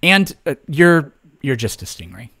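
A man's voice: mid-range voice, big pitch swings, measured pace, fairly bright tone, slight background noise. A man in a casual debate chat, joking around and hesitating with fillers.

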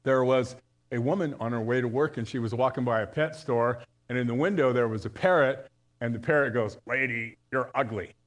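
A man's voice: medium pitch, a little fast. A male pastor giving a live church sermon in a conversational way, telling jokes and often restarting his sentences. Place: church service.

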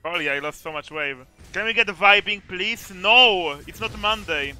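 Bright-voiced man ranting over gameplay. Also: high voice, normal speed, faint music behind. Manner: blunt, swearing, ranting. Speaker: streamer. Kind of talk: casual gaming commentary.

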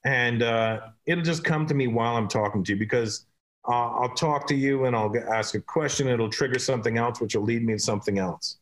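A comedian from Canada, a man, chatting casually as a guest and telling animated stories with frequent laughs. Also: medium pitch, fairly quick. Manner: animated storytelling, laughing often. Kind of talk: casual chat.

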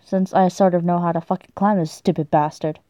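A young woman commentating on her game play, excitable and swearing a lot, shrieking when startled. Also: on the low side, brisk, no room sound, studio quality. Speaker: gaming YouTuber.

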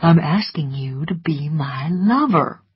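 A woman voicing a suave, teasing older man in an audiobook, speaking low and hushed. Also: expressive, takes it slowly, breathy edge, no room sound, heavily acted. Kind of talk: audiobook dialogue. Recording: dry, slightly muffled studio audio.

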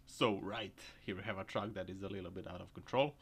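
A man's voice: fairly low pitch, normal speed. Chuckling man commenting on car crashes. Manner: joking, laughs often. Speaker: video commentator. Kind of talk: reaction commentary on driving clips. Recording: noisy recording.

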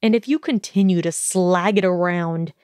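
A woman voicing a sullen, sharp-tongued young wizard, scornful and biting in an audiobook reading. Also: medium pitch, steady tone, measured pace, smooth, no room sound, lightly acted. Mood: spiteful.

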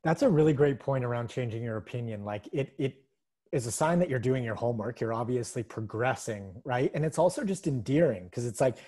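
A male podcast host responds in an easygoing, reflective way. His tone is mellow and warm. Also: medium pitch, expressive, a little fast. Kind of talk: casual podcast chat.

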